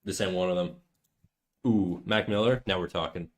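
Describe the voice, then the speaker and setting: A man's voice: low-pitched, normal speed. A man chatting casually on a livestream while he draws, joking and playfully defiant as he argues with his chat.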